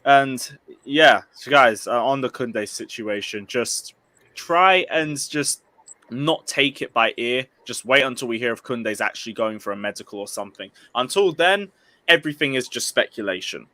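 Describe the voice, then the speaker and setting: A man hosting a casual fan livestream who reads out viewer messages in a relaxed, easygoing way. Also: medium pitch, moderate pace, dry recording. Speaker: livestream host.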